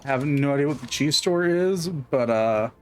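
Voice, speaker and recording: A man's voice: medium pitch, animated, normal speed. A man chatting casually while playing a co-op game, rambling and laughing often. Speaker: co-op game streamer. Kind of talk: casual gaming chat.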